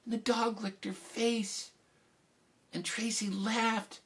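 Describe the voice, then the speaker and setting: A man telling a story to children live, animated, swinging between loud cheering and hushed asides. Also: high-pitched, takes it slowly.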